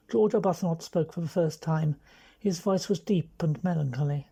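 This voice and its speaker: A woman with an English accent reading a mystery novel aloud in a measured, wry way. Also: low voice, mellow, breathy edge. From London. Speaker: audiobook reader. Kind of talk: scripted narration.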